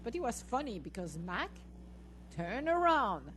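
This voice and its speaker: A woman's voice: a little high, a little slow, a little hiss or hum, poor audio. A middle-aged woman hosting a podcast, telling a funny story in a casual chat and acting out what she said, often laughing. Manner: animated, laughing, acts out her own lines to the dogs. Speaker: podcast host.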